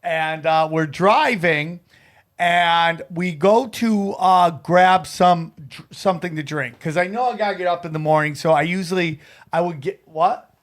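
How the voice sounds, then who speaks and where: Brief: male comic, high voice, animated storyteller who acts out the people in his tales. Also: measured pace. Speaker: comedian, podcast co-host. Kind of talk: casual storytelling chat.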